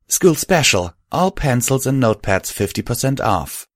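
A man's voice: medium pitch, sing-song, normal speed, dry recording, clean studio sound, voice pushed up. A man voicing a cheerful, playful young female pegasus.

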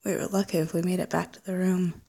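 A woman voicing a wistful, teasing ex-lover in a whispered role-play, speaking in a hushed, breathy voice with hesitant restarts. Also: on the low side, flat delivery, fast. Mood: sultry, teasing.

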